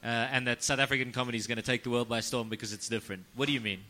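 Podcast host, male, rapid delivery, jokey interview questions. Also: mid-range voice, fairly even intonation, sharp tone.

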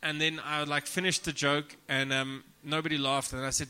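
Deadpan South African comedian, bright voice. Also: male voice, fairly high pitch, moderate pace, clear, resonant tone. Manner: deadpan, profane, self-mocking. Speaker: comedian guest. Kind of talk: casual podcast chat, comic storytelling.

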